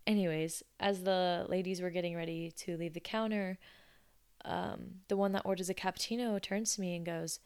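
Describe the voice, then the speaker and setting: A woman's voice: fairly low pitch, steady tone, moderate pace, darkish tone, clean tone. A woman in her twenties telling stories in a chatty, sarcastic, casual way. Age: 20s. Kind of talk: casual storytelling.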